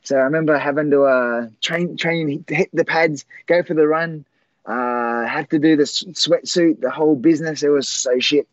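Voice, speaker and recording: Halting, higher-voiced man telling fight stories. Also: steady tone, no room sound, highs cut off. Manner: rambling, halting with many fillers and restarts. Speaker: former fighter guest. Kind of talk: casual storytelling.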